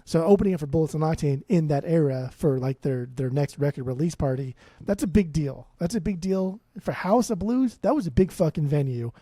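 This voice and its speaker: Mellow, profane man in his thirties. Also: a little high, lively intonation, a little fast, hardly any pauses, no room sound, clean studio sound. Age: 30s. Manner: profane, fumbles words, loose. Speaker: podcast co-host. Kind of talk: casual podcast chat.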